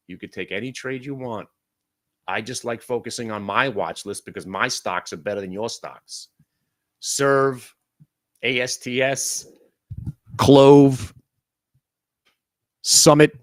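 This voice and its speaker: A man hosting a live day-trading room, commenting brashly on trades, swearing casually and swinging from loud outbursts to low mutters.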